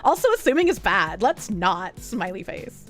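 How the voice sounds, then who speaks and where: A woman streamer chatting casually and crudely, sarcastic and quick to laugh. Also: mid-range voice, sing-song, faint music behind. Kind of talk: casual livestream chat.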